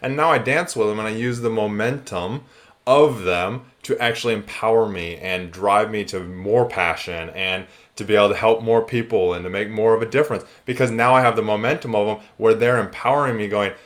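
A man hosting a casual podcast conversation, speaking with animated enthusiasm and acting out the dialogue he quotes. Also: fairly low pitch, brisk. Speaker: podcast host.

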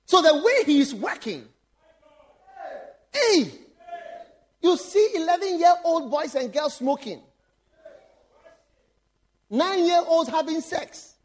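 A man preaching a sermon as a bishop, animated, breaking into laughs and shouts for emphasis. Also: extremely high pitch, slow pace, pauses often.

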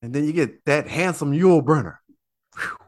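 Lively, swearing man chatting casually. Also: fairly high pitch, normal speed. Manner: animated, swearing, stammering restarts. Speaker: podcast co-host. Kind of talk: casual chat.

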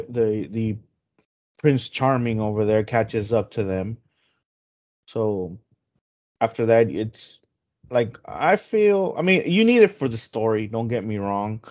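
Chatty guy swearing and cracking up while he retells movie scenes, muffled sound. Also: on the low side. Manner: animated, laughs a lot, swears, rambling retelling. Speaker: podcast co-host. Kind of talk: casual film chat. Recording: dull lo-fi sound.

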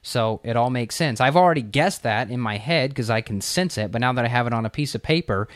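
A man's voice: medium pitch, expressive, fairly quick, dry recording, studio quality. A man co-hosting a health podcast, chatting casually and sharing personal anecdotes. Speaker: podcast co-host.

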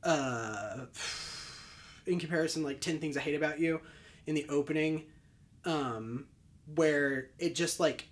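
Brief: casual podcast co-host, rambling and enthusiastic, mid-pitched voice. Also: a little slow. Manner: rambling, filler-heavy, enthusiastic. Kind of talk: casual movie review chat.

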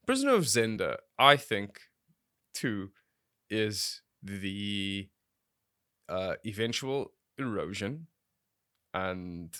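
A man's voice: fairly low pitch, clear, resonant tone, no echo, studio quality. A man co-hosting a casual film podcast, laughing and swearing as he talks. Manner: laughing, swearing, lively asides. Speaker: podcast co-host.

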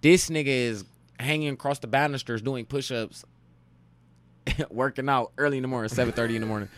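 A man from Cleveland in his late twenties, a podcast guest telling profane, animated stories in a casual chat. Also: mid-range voice, fairly quick. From Cleveland, Ohio. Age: late 20s. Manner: profane, animated anecdote-telling with frequent laughs.

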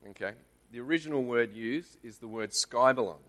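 Australian man, church teaching, bright crisp voice, chatty, keeps asking the room. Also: mid-range voice, brisk. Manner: conversational, checks in with the audience. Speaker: lay preacher.

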